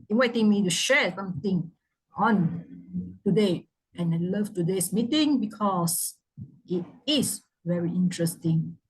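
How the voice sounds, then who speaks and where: A woman's voice: medium pitch, slightly rough, low-quality recording. A woman speaking shyly over a video call.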